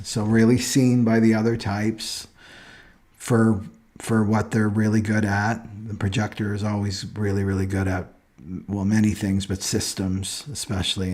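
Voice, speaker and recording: Lower-voiced man teaching astrology casually. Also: darkish tone. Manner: loose, rambling, tags points with "right?". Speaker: astrology livestream host.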